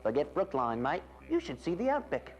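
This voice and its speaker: Man playing a bad fake Australian accent, pushy bloke, high and swooping, music behind. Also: huge pitch swings, normal speed, dull audio. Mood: boastful. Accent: put-on Australian, badly done.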